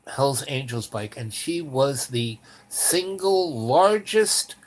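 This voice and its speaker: A man in his seventies telling a long personal story in a meandering way, with many fillers and restarts. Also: medium pitch. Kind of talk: rambling spoken anecdote.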